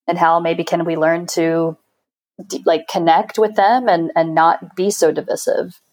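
A woman's voice: fairly low pitch, little pitch movement, measured pace, a little mellow. A woman hosting a casual interview podcast, affirming her guest and asking curious questions. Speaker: podcast host.

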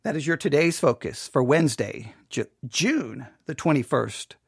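Devotional host, informal earnest storyteller, mid-pitched, dry home recording. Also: expressive, moderate pace, creaky, husky, no echo. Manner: earnest, storytelling, with many restarts. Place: home setup for a live broadcast.

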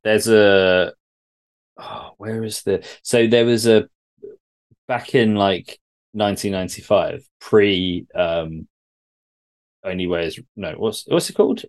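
A man's voice: lowish voice, steady tone, takes it slowly, long pauses. A man co-hosting a podcast, chatting casually, rambling and laughing often. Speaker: podcast co-host. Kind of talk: casual chat.

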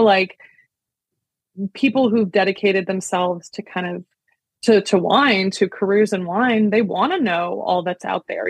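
A woman's voice: medium pitch, breathy edge, no echo. An American woman in her thirties, a wine professional chatting casually in a podcast interview, with lots of fillers and restarts. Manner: chatty, many fillers and restarts, laughs often. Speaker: sommelier and wine importer, guest.

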